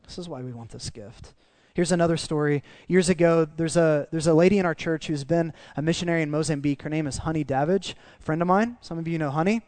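A man preaching a sermon, telling stories in a conversational, earnest way that drops soft for emotional moments. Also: on the high side, animated, brisk, no room sound. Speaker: pastor. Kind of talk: sermon with storytelling.

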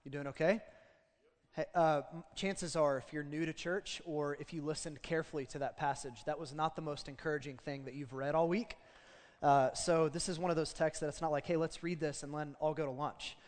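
A man preaching a casual, animated sermon as pastor of a church. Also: fairly high pitch, fairly quick, big-room sound. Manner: conversational, animated storytelling.

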